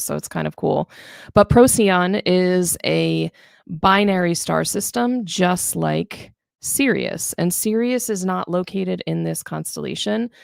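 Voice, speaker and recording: Gravelly-voiced woman teaching the night sky. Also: on the low side, no echo, studio quality. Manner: chatty, self-deprecating, thinks aloud while drawing. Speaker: astronomy educator. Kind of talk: live-streamed screen-share lesson.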